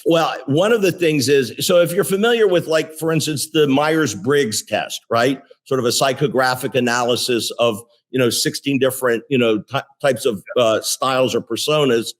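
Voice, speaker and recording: Older guy swapping sales stories, chatty, lots of restarts, mid pitch. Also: moderate pace, hardly any pauses. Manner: animated storyteller with many restarts. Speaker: guest, tech company CEO. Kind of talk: casual interview storytelling.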